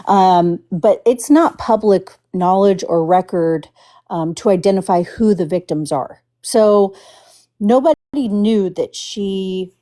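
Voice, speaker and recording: Woman livestream host from the Houston area, unhurried, mellow, careful and hesitant delivery. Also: mid-range voice. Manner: halting and careful with words, many restarts. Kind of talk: casual livestream commentary.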